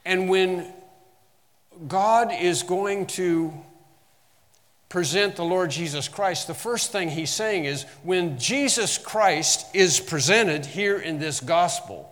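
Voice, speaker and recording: A man's voice: sits high, takes it slowly, a bit bright, in a large hall. A man teaching a Bible lesson as a sermon, quoting verses with emphasis and often restarting phrases.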